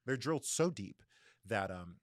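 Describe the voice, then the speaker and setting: A young American man co-hosting a book podcast, animated and laughing often as he retells the plot. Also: lowish voice, unhurried, no echo, studio quality. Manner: animated, laughs often, acts out characters loosely in his own voice. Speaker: podcast co-host. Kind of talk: casual book discussion.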